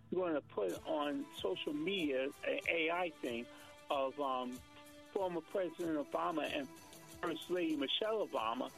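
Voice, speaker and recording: A man's voice: on the high side, gravelly, rough recording. A male caller on a radio talk show who speaks heatedly, repeating himself as he builds his point.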